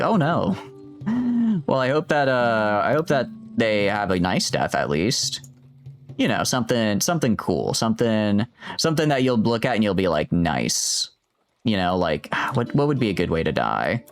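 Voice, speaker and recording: A man's voice: on the low side, very animated, normal speed, faint music behind. A man streaming a game, rambling and joking with his chat in casual gameplay commentary. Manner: rambling, jokey, talks to chat.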